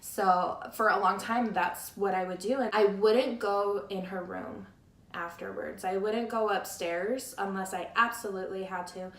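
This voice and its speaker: A woman's voice: mid-range voice, steady tone, a little slow, fairly bright tone. Candid woman in an echoey room. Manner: candid, rambling, heavy use of "like". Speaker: guest friend. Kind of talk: casual chat about grief. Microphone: tablet camera.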